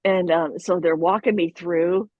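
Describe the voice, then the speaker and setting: A middle-aged woman guest telling a story in a casual, animated way, with lots of laughs and fillers. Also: on the low side, measured pace, dry recording, phone-quality sound. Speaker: voice actor guest.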